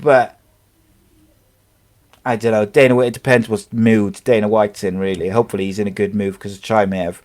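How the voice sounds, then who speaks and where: A man's voice: fairly low pitch, little pitch movement, normal speed, pauses often, a little mellow. A man hosting a casual sports podcast, talking in a rambling way with many fillers and restarts. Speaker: podcast host.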